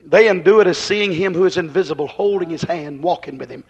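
A man preaching a fervent sermon, emphatic and repetitive, swinging between loud exclamations and hushed asides. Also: sits high, brisk, husky. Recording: dull lo-fi recording.

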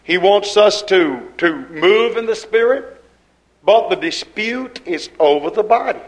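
High-voiced fervent preacher man. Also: lively intonation, measured pace, poor audio. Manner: fervent preaching with rhetorical questions, swinging between loud and hushed; folksy grammar. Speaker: pastor. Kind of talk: sermon.

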